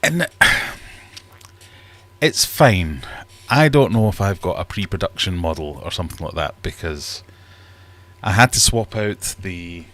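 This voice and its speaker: Chatty male streamer, deep voice, rambling and self-deprecating. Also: animated, takes it slowly, fairly bright tone. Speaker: livestream host. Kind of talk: casual livestream chat. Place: home fish room.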